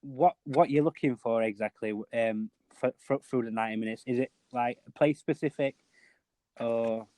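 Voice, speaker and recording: Regular-pitched guy hosting, asks stuff slowly with ums, dry sound. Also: dark tone, dry recording. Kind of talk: casual chat.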